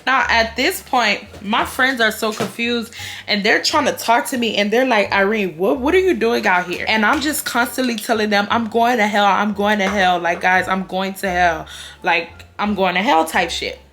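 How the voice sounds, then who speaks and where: A young woman telling a storytime, chatty and slangy, with animated voiced quotes of the people in her story. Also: medium pitch, normal speed. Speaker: vlogger. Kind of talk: casual storytime.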